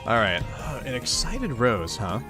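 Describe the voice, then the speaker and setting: A man's voice: mid-range voice, wildly swooping pitch, unhurried, over music. A man reading a webcomic aloud in a casual read-along, chatting and reacting to it and laughing often. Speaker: webcomic reader.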